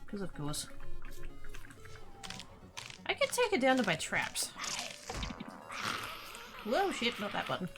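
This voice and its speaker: An Australian woman livestreaming a game, her voice bouncing lively up and down in pitch. She chats with viewers and curses at the game, with music playing clearly behind her. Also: slow pace, pauses often. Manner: chatty, swears and mutters while playing. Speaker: streamer. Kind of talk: casual gaming livestream chat.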